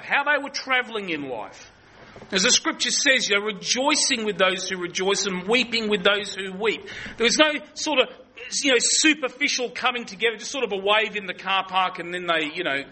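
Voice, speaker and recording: Male preacher, high and bright, earnest teaching sermon, faint hiss behind. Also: poor audio. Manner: earnest expository preaching with frequent restarts.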